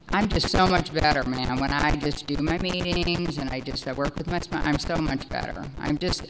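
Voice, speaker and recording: A woman's voice: lowish voice, background noise. Rambling, chatty woman telling a personal story. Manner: rambling, animated storytelling with many fillers. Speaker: speaker sharing recovery story. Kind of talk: personal testimony talk.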